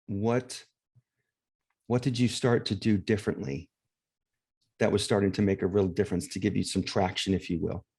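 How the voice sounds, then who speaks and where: Man, lowish pitch, reflective, encouraging interviewer. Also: fairly even intonation, moderate pace, pauses often, a little mellow, slightly rough. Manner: reflective, encouraging, emotional at times. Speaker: interviewer and grief guide. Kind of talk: warm conversational interview.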